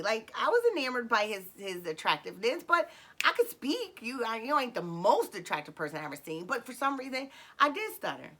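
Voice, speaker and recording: Bright-voiced woman telling a story. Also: fairly high pitch, brisk. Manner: animated, acts out what people said; talks to viewers directly. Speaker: vlogger telling a personal story. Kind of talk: casual storytime monologue.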